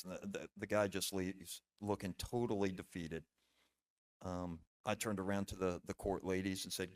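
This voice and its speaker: A man with a very low, deep voice tells stories as a podcast guest. He speaks earnestly and haltingly, restarting phrases and using fillers as he goes. He sounds middle-aged. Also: level tone. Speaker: podcast guest, former bailiff. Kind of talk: casual storytelling conversation.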